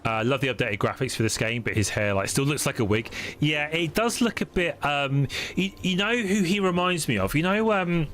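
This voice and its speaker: A young man streaming a game, chatting casually with viewers in a rambling, halting way with many restarts. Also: on the high side, animated, fairly bright tone. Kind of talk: casual chat while gaming. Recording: noisy stream audio.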